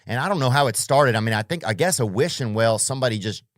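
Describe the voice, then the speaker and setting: A man's voice: mid-range voice, lively intonation, fast, no room sound, clean studio sound. A man hosting a podcast with a comedic monologue, rambling, swearing a lot and sounding keyed up. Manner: rambling, profane, riffing. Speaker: podcast host.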